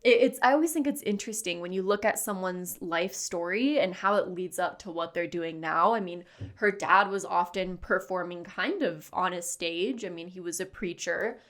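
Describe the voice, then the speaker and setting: A woman's voice: on the low side, normal speed, hardly any pauses. Chatty woman podcast co-host. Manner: chatty, laughs often, reads notes. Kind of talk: casual podcast commentary. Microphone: studio podcast mic.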